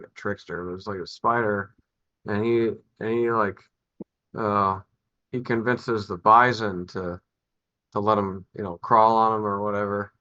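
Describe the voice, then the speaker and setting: A man musing aloud on a video call, halting and rambling with many fillers. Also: fairly low pitch, sharp tone, dry recording. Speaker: participant in a Zoom class. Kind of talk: casual chat on a video call. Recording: dull, dry video-call audio.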